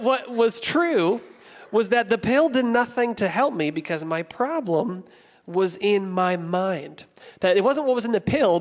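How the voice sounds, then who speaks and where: A young man preaching a sermon as a pastor, telling stories with playful, animated asides. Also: high-pitched. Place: church auditorium. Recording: long church hall reverb.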